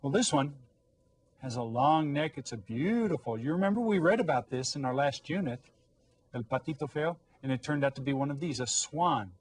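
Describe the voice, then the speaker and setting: A man's voice: a little high, lively intonation, moderate pace, husky. A man teaching a recorded elementary Spanish lesson, patiently explaining words and prompting children to repeat them.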